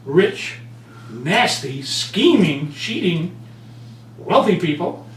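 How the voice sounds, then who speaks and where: A man being interviewed as an author and speaker, telling stories with lively acted-out quotes. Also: high-pitched, extremely slow. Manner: animated storyteller, acts out quotes. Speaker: guest author and motivational speaker. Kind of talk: conversational interview. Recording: roomy, distant mic, faint hum.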